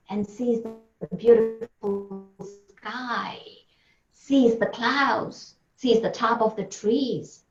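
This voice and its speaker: A woman giving a talk on a video call, telling a story in an animated way and acting out the lines of its characters. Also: fairly low pitch. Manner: animated storyteller, acts out dialogue. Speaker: guest speaker. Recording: echoey, dull lo-fi audio.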